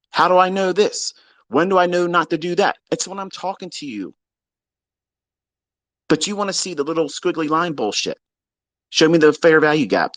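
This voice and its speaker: A man's voice: on the high side, a bit bright, dry recording. A man giving a profane, exasperated lecture on trading to his livestream viewers. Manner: mocks listeners in put-on quotes. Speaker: trading educator.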